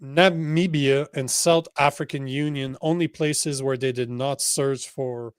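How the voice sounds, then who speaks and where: A man co-hosting a casual political podcast, excitable and swearing often, laughing easily. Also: mid-range voice, unhurried, clean tone, no room sound, clean studio sound. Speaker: co-host.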